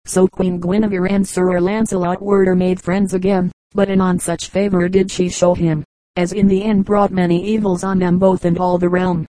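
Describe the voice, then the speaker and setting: A woman narrating an audiobook of an old legend, measured and even. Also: lowish voice, no echo, poor audio. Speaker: audiobook reader. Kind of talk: scripted narration.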